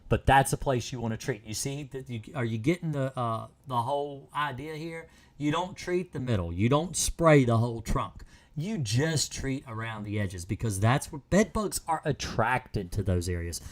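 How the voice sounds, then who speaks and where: A man's voice: mid-range voice, animated, normal speed. A tired man hosting a live stream, explaining step by step how to treat a car, speaking plainly and repeating his points. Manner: plain, instructive, repeats himself. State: tired, hiccups. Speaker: pest control host.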